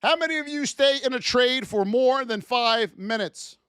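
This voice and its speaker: A man's voice: very high-pitched, normal speed, fairly bright tone, smooth, no echo, studio quality. A man teaching a live trading class, speaking animatedly to his chat and acting out traders' frustrated self-talk. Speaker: trading instructor.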